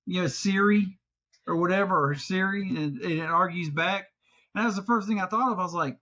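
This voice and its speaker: A man hosts a casual podcast chat in a fairly high voice, telling stories with profane, exasperated bursts. The recording has a slightly dull, lo-fi sound. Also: normal speed. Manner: animated, profane, jumps into loud exasperated outbursts. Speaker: podcast host.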